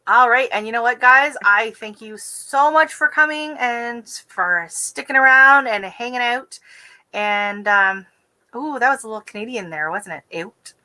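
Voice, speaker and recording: A woman from the West Coast of the United States hosting a casual gardening livestream, talking quickly and chattily with easy giggles. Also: fairly high pitch, bright, forceful tone, low-quality recording. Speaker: gardening channel host.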